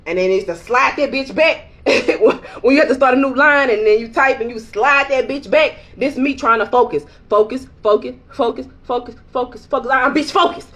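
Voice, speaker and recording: A woman's voice: mid-range voice, fairly bright tone. A woman tarot reader in a casual vlog, talking bluntly and emphatically, swearing freely and laughing often.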